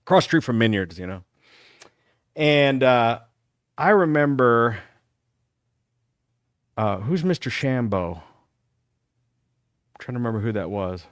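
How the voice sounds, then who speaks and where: A middle-aged man hosting a talk show, telling rambling, profane stories about his school days in a casual, animated way. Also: mid-range voice, measured pace, pauses often, dry recording, studio quality. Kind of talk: casual storytelling.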